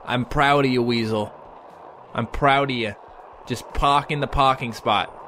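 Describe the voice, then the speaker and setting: A man's voice: medium pitch, steady tone, a little slow, pushed and bright, slight background noise, pitched below the performer's own voice. A man putting on a vague accent as a patronizing mock driving instructor addressing children. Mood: mock teacherly. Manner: put-on vague accent, teacherly sing-song.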